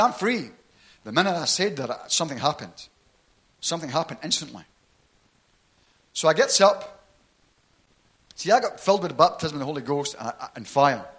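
Guy preaching his testimony, middle-aged, bright voice, lots of "right?". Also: on the high side, husky. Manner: storytelling, asks the audience "right?" often. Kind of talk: sermon testimony.

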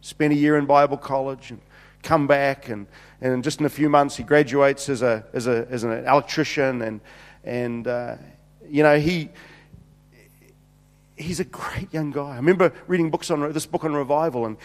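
A middle-aged man preaching and telling a story in an animated way, repeating words and acting out the dialogue. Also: mid-range voice, moderate pace. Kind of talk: sermon storytelling. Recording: long hall reverb.

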